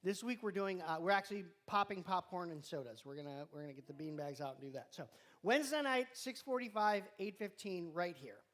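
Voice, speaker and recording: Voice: medium pitch, brisk, a bit bright. A youth group leader giving rambling, joking announcements to students in a church youth room, sometimes talking while chewing. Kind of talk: casual live-stream announcements to a youth group.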